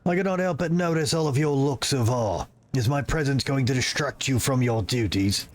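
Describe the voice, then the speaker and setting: A man voicing a dignified male seneschal in a game, speaking in a formal, measured way. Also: mid-range voice, lightly acted.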